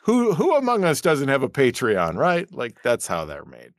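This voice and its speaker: A man's voice: mid-range voice, moderate pace, dry recording. A man who runs a tabletop game, a guest on a podcast, chatting casually with dry jokes. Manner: dry joking, lively intonation. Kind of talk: casual chat.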